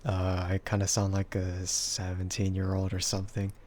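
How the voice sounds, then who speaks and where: A man with a husky, bassy voice chatting casually with stream viewers and laughing often between remarks. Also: monotone, normal speed, a little mellow. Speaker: VTuber streamer.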